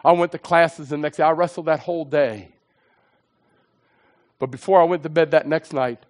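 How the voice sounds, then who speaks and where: A man's voice: on the high side, fairly even intonation, moderate pace, long pauses, darkish tone. A middle-aged man preaching his personal testimony, emphatic and repetitive as he tells his story.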